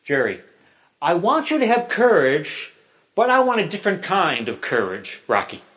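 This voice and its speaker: A man's voice: high-pitched, huge pitch swings, fairly bright tone, exaggerated voice. A man playing an earnest pleading priest. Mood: solemn. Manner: solemn, urging, slow and deliberate. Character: earnest older male priest pleading with a convict.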